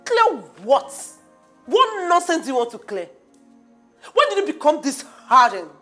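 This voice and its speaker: A woman's voice: sits high, big pitch swings, a little slow, sharp tone, faint music behind, exaggerated voice. An actress playing a young woman who scolds her friend, in an incredulous, scolding manner. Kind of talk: Nollywood film drama.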